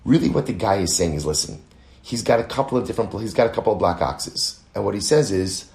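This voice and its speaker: Rabbi giving a Talmud lesson, low-pitched male voice, echoey room, animated delivery. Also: gravelly. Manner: animated, explains aloud, reads Aramaic quotes quickly. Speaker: rabbi teaching daily Talmud class. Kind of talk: Talmud lecture.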